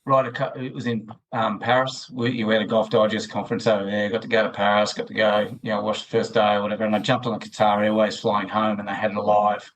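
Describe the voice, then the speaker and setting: A man's voice: fairly low pitch, little pitch movement, fast talker, hardly any pauses, poor audio. A man with an Australian accent, a podcast guest talking at length in a loose, rambling way full of restarts. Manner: rambling, many restarts and fillers. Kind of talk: casual interview chat.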